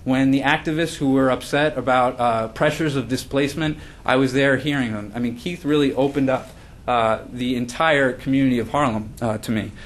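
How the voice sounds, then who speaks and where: A man's voice: medium pitch, steady tone, a little fast. A man, as the author, giving a book talk at a launch event, earnest, with frequent fillers and restarts. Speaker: author presenting his book.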